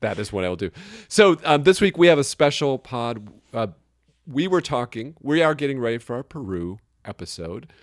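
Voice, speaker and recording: Lively, joking male podcast co-host. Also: normal speed, no room sound, studio quality. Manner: joking, laughs often, with sudden high exclamations. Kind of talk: casual chat. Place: Chicago area.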